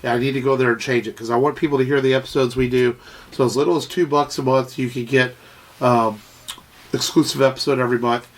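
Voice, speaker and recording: A man talking casually as a podcast co-host, his voice slightly nasal from a cold. He rambles with lots of fillers and the odd swear word, in a middling pitch. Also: steady tone, quick pace. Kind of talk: casual chat.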